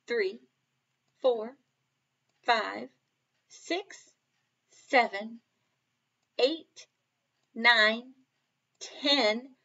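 A woman teaching a kindergarten math lesson on video, talking slowly and encouragingly to young children in a sing-song, playful way. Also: on the high side, a bit bright, muffled recording. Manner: playful mock surprise, sometimes dropping to a whisper.

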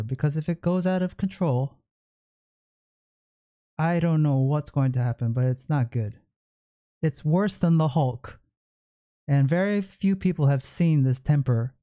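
A man's voice: fairly high pitch, mellow. A man telling a personal story to the camera with emphatic repetition. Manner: emphatic, repeats himself. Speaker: vlogger. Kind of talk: storytelling vlog.

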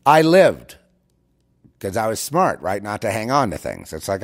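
A man's voice: lowish voice, sing-song, a little slow. A man hosting his own show, talking straight to his listeners in a rambling, preachy monologue full of restarts and repeated words. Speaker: show host.

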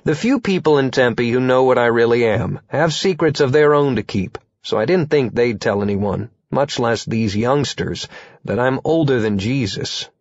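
A male narrator tells a first-person audiobook with a wry, conversational touch. His pitch is middling, and the booth sound is completely dry. The audio is a little dull. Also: animated, normal speed, dry recording.

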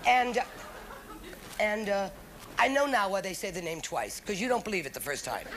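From a 1970s TV special full of loud crowd laughter, a middle-aged female stand-up comedian performs a bawdy routine on a theater stage, addressing the live audience directly. Her medium-pitched voice has lively intonation at normal speed, with long pauses and a noisy background.

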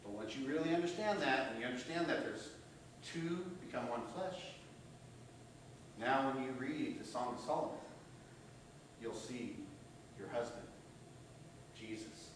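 Pastor guy preaching, loud then hushed, keeps saying right?, super echoey church hall, mic far off. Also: mid-range voice, unhurried, pauses often. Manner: swings from loud emphatic preaching to hushed near-whispers; asks the congregation "right?" often. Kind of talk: sermon. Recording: very echoey room, voice from off-mic, faint hum.

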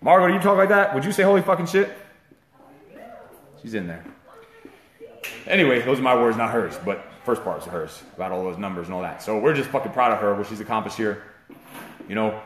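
A man hosts a live fitness talk, rushing his words and swearing freely as he rambles about a client's progress. His voice rings around an echoing room. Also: lowish voice, lively intonation, fairly bright tone. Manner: profane, hyped and rambling. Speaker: fitness trainer and show host. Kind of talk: casual livestream talk.

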